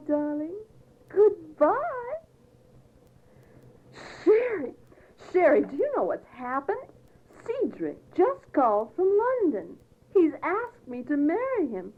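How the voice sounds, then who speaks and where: A woman's voice: sits high, narrow, tinny audio, full character voice. A woman reading a comedy play aloud, voicing a gushing, theatrical actress who swoons breathlessly over a lover. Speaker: amateur reader performing a comedy play. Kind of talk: read-aloud play scene.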